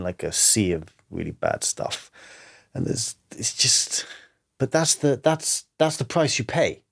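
A lowish-voiced man, interviewed candidly as a guest, is earnest and reflective, thinking aloud and filling gaps with "you know" and "like." His voice is captured dry, with clean studio sound.

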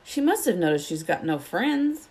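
A woman's voice: fairly low pitch, very animated, moderate pace, darkish tone, breathy edge. A woman voicing a sulky, grumpy eleven-year-old schoolboy, snappy and sarcastic in a storybook reading.

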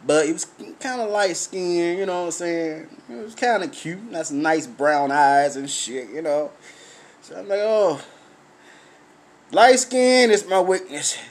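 A man talks casually to his livestream viewers while tipsy from drinking. His voice sits high for a man, and his talk is profane and rambling, swearing freely. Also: measured pace.

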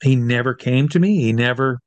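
A man working as a stage hypnotist, telling anecdotes in an interview in an animated way and acting out what others said. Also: mid-range voice, brisk, dry recording, lo-fi sound. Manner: animated, acts out quotes of others. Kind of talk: storytelling in a conversational interview.

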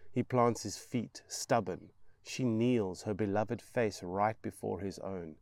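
Slow, gravelly male storyteller. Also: on the low side, steady tone, a little mellow, no room sound, clean studio sound. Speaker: author reading his novel. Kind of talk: dramatic audiobook narration.

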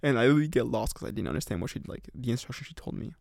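A man's voice: medium pitch, animated, rapid-fire, gravelly, darkish tone, dry recording, studio quality. A man in his twenties casually telling a personal story on a podcast, rambling with lots of fillers. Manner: rambling, many fillers and restarts. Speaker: podcast host.

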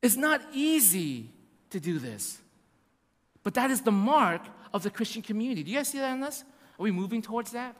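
A male pastor delivers a sermon in a high voice that swings widely in pitch. He repeats phrases for emphasis and acts out little asides. The voice carries a long hall reverb. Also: a little fast. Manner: animated, repetitive preaching with acted-out asides.

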